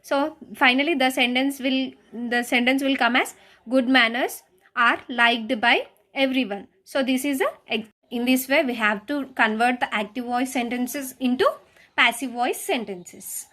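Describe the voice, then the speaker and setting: A woman with a notably high voice takes a class through a grammar lesson one step at a time. She keeps putting rhetorical questions to her pupils and repeating key words. Her sentences often stop and restart as she works through each example. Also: unhurried, sharp tone. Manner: frequent hesitant restarts. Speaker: schoolteacher.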